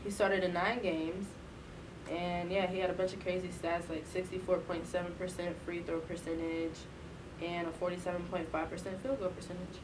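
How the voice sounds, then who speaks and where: A woman's voice: fairly low pitch, flat delivery, normal speed. A young woman on a sports chat show reading out season stats in a matter-of-fact way. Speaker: researcher and intern. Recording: distant mic with background noise.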